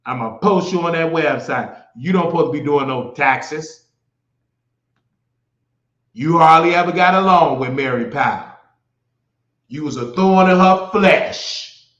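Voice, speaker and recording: A man's voice: on the high side, measured pace, pauses often, fairly bright tone. A man hosting a live stream, talking casually and bluntly, mocking viewers and telling stories. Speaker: livestream host. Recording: echoey, slightly dull sound.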